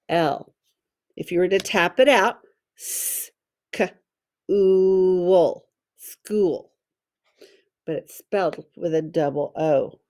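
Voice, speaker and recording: A woman teacher leads a slow, careful phonics lesson for children, sounding out letters and syllables one at a time. Her voice is on the low side with a darkish tone.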